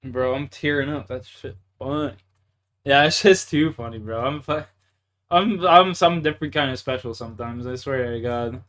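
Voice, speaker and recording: Calling his viewers bro and dude, a young man from Canada talks casually while gaming on a live stream, laughing often, cursing, teasing himself, and mumbling to himself during play. He speaks in a mid-range voice at a moderate pace with a fairly bright tone.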